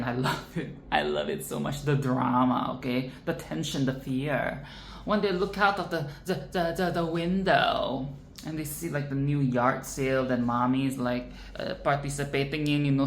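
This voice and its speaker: A vlogger giving casual film commentary in a dramatic, animated way, swearing freely and repeating phrases for emphasis. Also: medium pitch, slight background noise. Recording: roomy echo with faint ambience.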